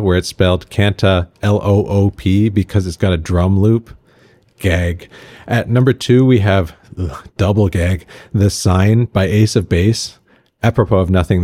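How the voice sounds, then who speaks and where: A middle-aged man hosts a podcast in a casual scripted monologue. His voice sits very low, and he drops wry, sarcastic asides as he goes. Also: darkish tone. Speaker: podcast host.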